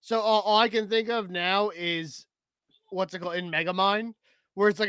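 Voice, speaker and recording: Male podcast co-host, high voice, dry close sound, laughs a lot. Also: moderate pace, clean tone, dry recording. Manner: giggly, animated, frequent laughter. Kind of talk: casual chat.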